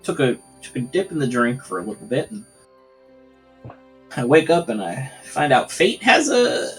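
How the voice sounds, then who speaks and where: A man's voice: medium pitch, very animated, normal speed, fairly bright tone, faint music behind, rough recording. A man playing his character at a tabletop game, talking hesitantly with many fillers. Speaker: player.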